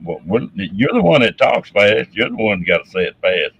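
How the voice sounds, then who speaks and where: A hoarse man telling folksy stories in a casual chat, on a dull lo-fi recording. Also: on the low side, big pitch swings, moderate pace, a bit bright. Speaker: show regular. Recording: dull lo-fi sound.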